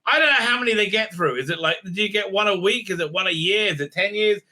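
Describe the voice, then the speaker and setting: A man's voice: high-pitched, lively intonation, quick pace, pushed and bright. A man hosting a casual recap and review, rambling with many fillers and restarts and acting out the characters' lines. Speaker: host.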